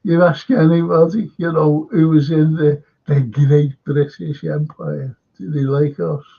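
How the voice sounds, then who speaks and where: A man's voice: fairly high pitch, lively intonation, a little slow, slightly rough. An older man with a Liverpool accent hosting a live stream, chatting casually and reading out viewer comments in a meandering way with many restarts. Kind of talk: rambling casual chat. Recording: dull lo-fi stream audio.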